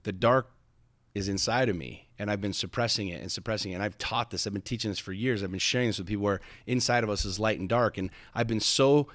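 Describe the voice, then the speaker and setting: A man with a low voice speaks on a podcast, recorded dry and close with no room sound. He tells a personal story with intensity and emphasis, swearing freely and often stumbling over repeated starts. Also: fast, a bit bright, no room sound. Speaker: podcast host.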